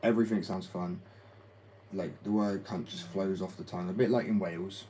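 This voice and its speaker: A young man with a deep, warm voice talks casually and loosely, full of "like" fillers and blunt swearing. A faint hum of background noise sits behind his voice. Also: fairly even intonation, moderate pace, poor audio. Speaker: skateboard company owner and hobby tattoo artist. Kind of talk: casual interview chat.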